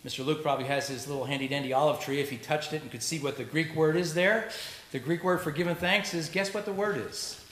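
A man's voice: on the high side, quick pace, a bit bright. Man preaching in an echoey church. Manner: conversational, joking asides to the congregation. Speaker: pastor. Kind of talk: sermon. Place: church sanctuary. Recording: echoey church recording with faint noise.

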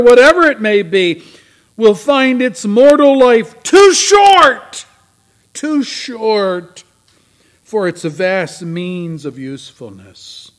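A man voicing an anguished old male ghost in chains who laments, high, loud and slow. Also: full character voice.

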